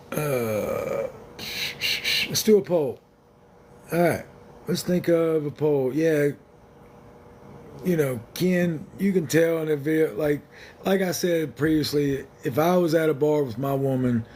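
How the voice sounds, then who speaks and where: A man's voice: mid-range voice, darkish tone, slight background noise. A man hosting a casual livestream, talking to viewers in a blunt, rambling, joking way. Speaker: livestream host.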